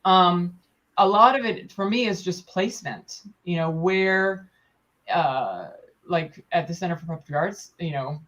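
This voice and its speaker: A woman in her forties, a puppeteer guest in a casual interview, talking in an animated, chatty way, laughing often and restarting her sentences. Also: lowish voice, a little slow. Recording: dull lo-fi sound.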